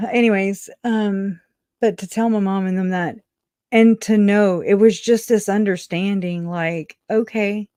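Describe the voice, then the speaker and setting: A slow, unhurried speaker on a casual livestream, thinking aloud with frequent restarts and soft laughs. The voice sits at a middling pitch. The sound is close and dry. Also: steady tone, clean tone, dry recording.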